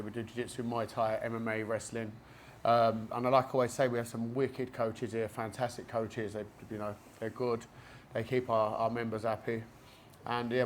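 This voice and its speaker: There's slight background noise behind this mid-range male voice. A Cockney-accented East Londoner, he's a gym owner and jiu-jitsu black belt being interviewed for a casual podcast in a basement martial arts gym, rambling chattily through his story.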